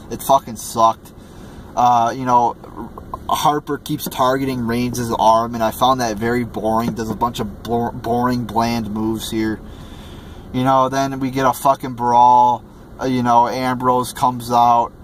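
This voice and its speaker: A man's voice: medium pitch, a little hiss or hum. A man ranting through a wrestling show review, swearing constantly and stumbling over restarts and fillers. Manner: profane and exasperated, heavy swearing, many fillers and restarts.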